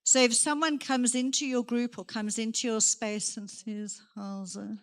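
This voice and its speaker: A woman giving a motivational career talk to young people, lively and acting out her examples. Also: on the high side, normal speed. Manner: lively, acts out examples, moves around while speaking. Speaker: career day speaker. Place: church hall.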